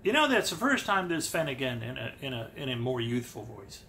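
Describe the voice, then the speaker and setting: A man's voice: mid-range voice, big pitch swings, a little fast, bright, forceful tone, a little hiss or hum. A man talking through interview clips in a wry, incredulous way, thinking aloud as he puzzles over what he hears. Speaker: treasure-hunt video commentator. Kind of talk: sarcastic commentary on interview clips.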